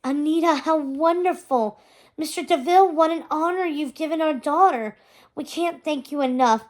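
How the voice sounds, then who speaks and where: Proud gushy posh mum from a storybook, lady reading, high voice. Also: moderate pace, close to an everyday voice. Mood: gushing.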